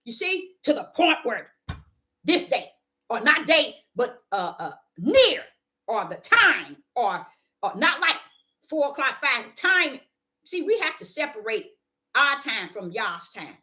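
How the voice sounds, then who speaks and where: A woman preaching with passion and telling personal stories, repeating her phrases for emphasis and swinging between loud declarations and hushed moments. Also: high-pitched, very animated, takes it slowly. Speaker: self-described prophetic preacher. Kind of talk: impassioned preaching and personal testimony.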